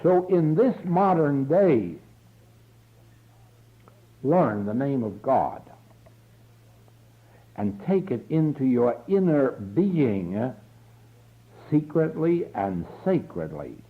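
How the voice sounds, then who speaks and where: A man giving a slow, earnest spiritual lecture in a church hall, from a 1950s archival tape recording. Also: medium pitch, sing-song, narrow, tinny audio. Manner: slow, earnest, deliberate delivery. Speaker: spiritual teacher.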